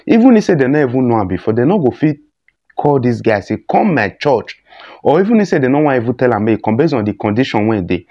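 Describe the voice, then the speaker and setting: A man's voice: medium pitch, mellow, dull audio. A man with a Nigerian accent giving casual commentary on news clips, often checking in with "you understand?".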